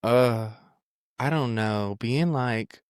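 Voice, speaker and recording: A woman co-hosting a casual podcast, talking in an animated, self-mocking and jokey way. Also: very deep voice, extremely slow, smooth, no room sound, studio quality. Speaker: podcast co-host. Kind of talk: casual chat.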